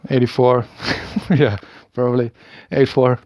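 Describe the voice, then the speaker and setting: A thirty-something man from the Netherlands, a video maker, rambles in a self-recorded monologue marked by faltering restarts and quiet chuckles, in a Dutch accent. His mid-range voice is level, a little mellow and a bit slow. The studio sound is clean, with no room sound.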